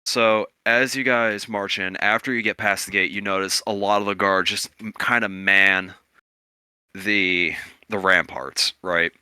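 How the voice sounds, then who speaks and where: A man's voice: lowish voice, steady tone, unhurried, bright, forceful tone, clear, resonant tone, dry recording. A man narrating a tabletop game as game master, in a loose, searching way full of "like" and "kinda".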